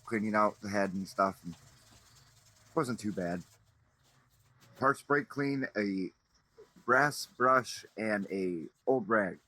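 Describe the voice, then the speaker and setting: A man's voice: fairly low pitch, takes it slowly, long pauses, pushed and bright, rough recording. A man giving a casual, rambling voice-over of his own engine teardown, slangy and easygoing with some mild swearing. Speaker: channel host narrating his engine teardown.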